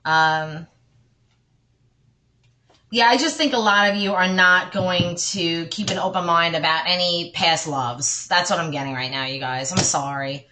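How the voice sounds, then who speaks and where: A woman's voice: fairly low pitch, measured pace, pushed and bright. A woman doing a casual tarot reading for her viewers, chatty and reassuring, breaking off often for apologetic asides. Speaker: tarot card reader.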